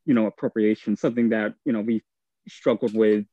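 A thoughtful man working through his ideas on a podcast panel, pausing often to find his words. His recording sounds dull and slightly lo-fi, and it is dry. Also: lowish voice, steady tone, warm tone, no room sound. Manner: thoughtful, hesitant, many fillers. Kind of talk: casual discussion.

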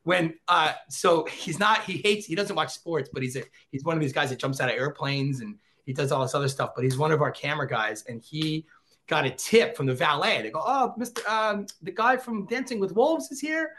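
A man's voice: on the high side, brisk, a little hiss or hum. A man in his thirties telling stories in a casual interview, acting out what people said. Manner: animated, acts out quotes in voices. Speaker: guest, former celebrity cameraman. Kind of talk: casual storytelling.

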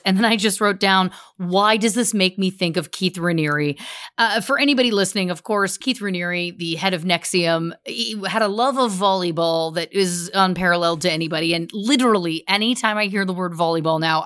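Chatty woman podcast co-host. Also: mid-range voice. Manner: chatty, reads from her notes, animated outbursts. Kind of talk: casual true-crime chat.

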